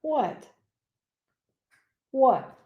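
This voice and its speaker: A woman hosts a tarot livestream in a loose, chatty way. Her voice sits a little high for a woman. She drifts into playful, fond asides as she talks. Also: sing-song, very slow, narrow, tinny audio. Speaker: tarot reader and channel host. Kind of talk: casual livestream chat.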